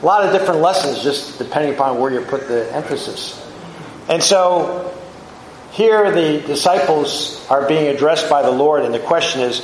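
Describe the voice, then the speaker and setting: A man preaching in an easy, conversational way, stopping often to put questions to his listeners. His voice sits a little high for a man. It rings with the echo of the room, and a faint hum of ambience sits behind him. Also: moderate pace. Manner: conversational, reflective Bible teaching with rhetorical questions. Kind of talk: sermon.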